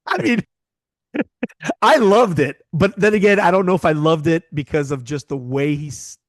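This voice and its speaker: A man's voice: a little high, measured pace, pauses often, no room sound. A man co-hosting a podcast, chatting casually about a film and telling stories with frequent restarts. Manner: chatty, trails off and restarts, tells anecdotes. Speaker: podcast co-host. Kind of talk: casual chat.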